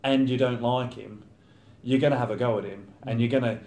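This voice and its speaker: A man's voice: medium pitch, fairly even intonation, fairly quick, mellow. A thirty-year-old man, a professional footballer, chatting casually in an interview and acting out his teammates' banter. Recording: roomy echo.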